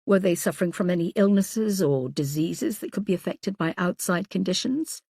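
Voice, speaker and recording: A woman reading the lines of a calm, methodical male pathologist in an audiobook. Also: lowish voice, creaky, breathy edge, no echo, clean studio sound, exaggerated voice. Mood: measured. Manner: measured, explanatory.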